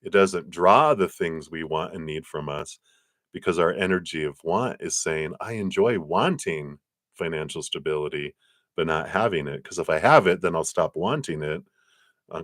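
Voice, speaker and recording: A man's voice: sits low, moderate pace, fairly bright tone, dry recording, studio quality. A man doing a chatty live-streamed tarot card reading, often laughing as he reads card texts aloud.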